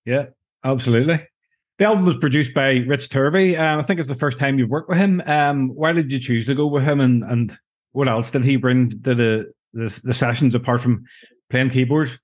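A man's voice: medium pitch, normal speed. A man hosting a podcast and asking interview questions, often stumbling and restarting his words. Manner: stammering restarts.

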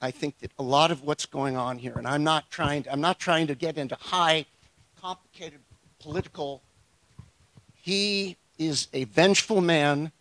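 An older American man, a retired army general on a panel, speaking bluntly and emotionally with halting restarts and fillers. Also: a little high, a bit bright, no room sound, low-quality recording. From United States. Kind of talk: panel discussion.

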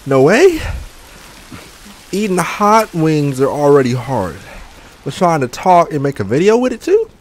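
A man's voice: a little high, sing-song, normal speed. A young man gaming and chatting casually, out of breath and burning from hot wings, groaning and joking between exclamations. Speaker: gaming YouTuber.

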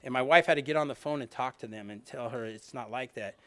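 A middle-aged man speaking fast to an audience as he tells his own recovery story. His delivery is conversational and loose, full of restarts and asides to the listeners. His pitch sits in an ordinary middle range for a man. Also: a bit bright. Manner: conversational storytelling, frequent "you know what I mean", restarts. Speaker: alumni reunion speaker.

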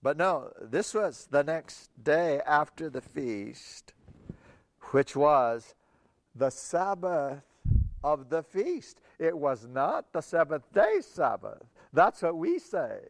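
Guy preaching a sermon, acts out the story voices and laughs a lot, real up and down pitch, dry close sound. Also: slow, no echo. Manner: animated storytelling, acting out quoted voices with frequent laughter.

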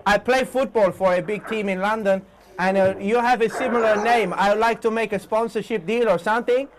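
A man's voice: sits high, background noise, lightly acted. A man putting on a Spanish footballer's voice and broken English for a prank call. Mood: bumbling. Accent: fake Spanish. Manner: broken English, halting, slowed. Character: adult male footballer prank-calling a restaurant.

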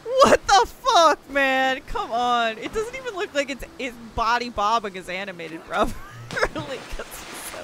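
A woman streaming a video game, commenting on her play in an excitable way, swearing freely and laughing often. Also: high voice, a little slow, a little hiss or hum. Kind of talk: live gameplay commentary.

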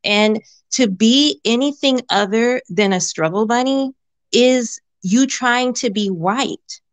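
Earnest woman caller with a higher voice. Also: takes it slowly, dry recording. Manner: earnest, repeats words as she thinks. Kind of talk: call-in conversation.

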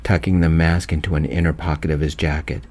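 A man narrating his own romance story in a gentle, slow, soft-spoken voice. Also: a bass voice, level tone.

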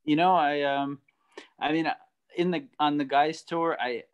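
A man's voice: fairly high pitch, steady tone, a little slow, clear, resonant tone, highs cut off. A male guest and former tennis player talking thoughtfully in a casual chat, with frequent hesitations. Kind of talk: casual video conversation.

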